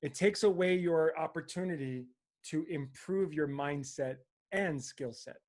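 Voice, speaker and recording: An enthusiastic male coach speaks straight to his viewers, pushing them to grow. His voice sits high for a man, and he keeps tossing in "right?" as he builds up steam. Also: measured pace. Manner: energetic, fired up, frequent "right?". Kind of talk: motivational talk to camera.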